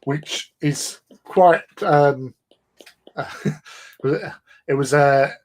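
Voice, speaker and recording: A man's voice: on the high side, very slow, darkish tone. An English man hosting a livestream, chatting casually in a rambling way with lots of ums and restarts. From England. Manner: rambling, chatty, many fillers. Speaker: livestream host. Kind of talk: casual chat.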